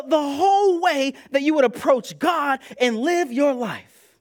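A man preaching a sermon in an animated, conversational and slangy way, often repeating "listen" to press his points. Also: very high-pitched, takes it slowly.

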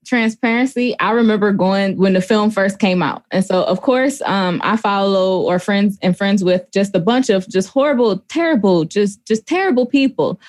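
A woman, co-hosting a casual chat, telling stories with lively energy and frequent laughter. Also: medium pitch, moderate pace, few pauses, dry recording. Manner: animated storytelling, laughs often.

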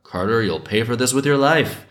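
A man's voice: medium pitch, lively intonation, moderate pace, a bit bright, natural voice. A man voicing a vengeful little male sparrow in a storytelling show, repeating a threat. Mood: threatening.

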